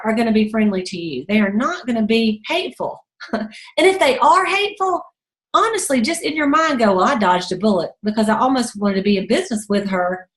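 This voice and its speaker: Chatty woman, echoey room. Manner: chatty storyteller, acts out quotes in a high voice. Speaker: sales team leader. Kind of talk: motivational team call talk.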